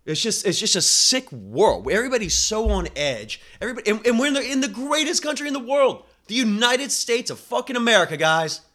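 A man's voice: high voice, very animated, a little fast, hardly any pauses, pushed and bright. A young man, a home care nurse, delivering a blunt, profane podcast monologue with emphatic swearing.

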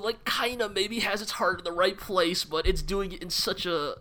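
A man co-hosting a casual podcast, his voice on the higher side and bright with edge. He talks in an animated, impassioned way, tumbling over quick restarts. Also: a little hiss or hum. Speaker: podcast co-host. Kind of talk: casual chat reviewing anime.

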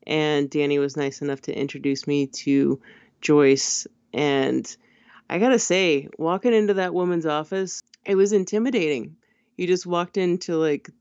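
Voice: mid-range voice, darkish tone, dry recording. Chatty co-host on dull lo-fi audio. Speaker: podcast co-host. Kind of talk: casual chat.

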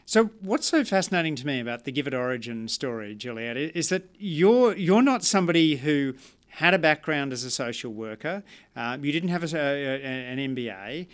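A man's voice: mid-range voice, expressive, normal speed, smooth. A man interviewing a guest, asking questions in a hesitant way with many fillers. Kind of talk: conversational interview.

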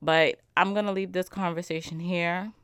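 A young woman talks through a casual solo podcast. She is animated and slangy, driving her points home with repeated "okay?" over a dry, close sound. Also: on the low side, normal speed, smooth, dry recording. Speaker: podcast host.

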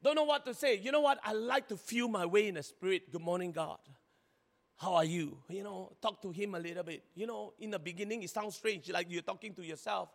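A man preaching a sermon in a lively, chatty way, laughing often and acting out little scenes. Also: high-pitched, fast talker, gravelly, hardly any pauses. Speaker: pastor. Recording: long hall reverb.

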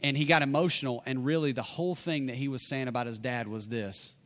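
A man preaching a sermon as pastor, earnest and conversational, repeating key lines for emphasis and moving between loud declarations and hushed passages. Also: mid-range voice, fairly even intonation, quick pace.

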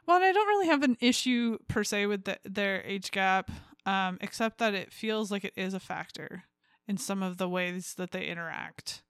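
A woman co-hosting a book podcast, reacting quickly and frankly in a playful, casual chat. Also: mid-range voice, lively intonation, a bit bright, smooth, dry recording, clean studio sound. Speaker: podcast co-host.

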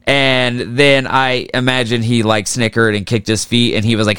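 Swears a lot, cracks jokes, does silly voices for the people in his story, smooth voice in a dead-dry room. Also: mid-range voice, flat delivery, moderate pace, a bit bright, no room sound. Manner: profane, jokey, does mocking voices for historical figures. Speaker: podcast co-host. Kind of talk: casual history podcast storytelling.

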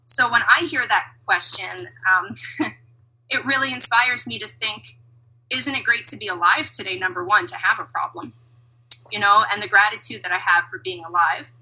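A woman talking as an interview guest, reflective and animated, laughing now and then. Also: medium pitch, moderate pace, breathy edge, poor audio. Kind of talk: conversational interview.

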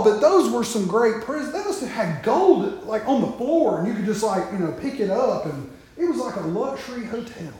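A man's voice: high voice, big pitch swings, moderate pace, few pauses, dark tone, heavy reverb. A man preaching a sermon, talking straight to the congregation with joking asides.

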